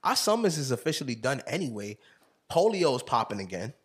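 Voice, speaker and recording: Husky young man with lively, laughing chat. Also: medium pitch, fairly quick. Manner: laughs often, animated storytelling. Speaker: podcast host. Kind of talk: casual chat.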